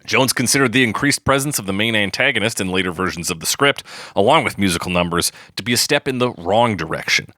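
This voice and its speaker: Bright, playful male podcast host. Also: on the low side, expressive, quick pace, no room sound, clean studio sound. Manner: playful, jokey banter. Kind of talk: scripted narration and casual chat.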